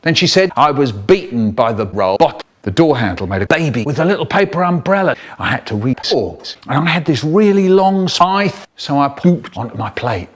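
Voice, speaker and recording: A man telling comic stories, animated and playful, with exaggerated swoops in his voice. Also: fairly high pitch, moderate pace, hardly any pauses. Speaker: children's storyteller. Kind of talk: comic storytelling, spliced edit.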